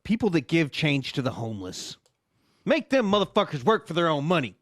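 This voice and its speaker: A man throws crude one-liners into a casual podcast chat. His voice sits a bit high and swings lively in pitch, recorded dry and close. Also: brisk, dry recording. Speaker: podcast co-host.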